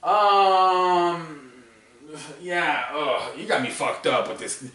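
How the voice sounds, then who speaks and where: A man's voice: fairly high pitch, expressive, extremely slow, bright, forceful tone. Profane rambling man in an echoey room. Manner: profane, rambling, loose and joking. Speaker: sports show host. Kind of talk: casual solo sports picks talk. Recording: very echoey room, distant mic.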